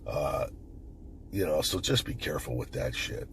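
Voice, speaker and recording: A man's voice: a bass voice, expressive, moderate pace, fairly bright tone, a little hiss or hum. A middle-aged man who is the channel host, talking bluntly in a casual monologue, swearing constantly as he tells stories.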